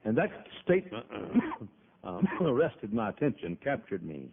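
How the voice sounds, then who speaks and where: A man's voice: lowish voice, very animated, a little slow, a little hiss or hum. A man preaches a sermon over a PA microphone, talking in a folksy, emphatic way and stopping often to cough. The audio is narrow and tinny, like a phone line. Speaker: pastor. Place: church auditorium with PA system.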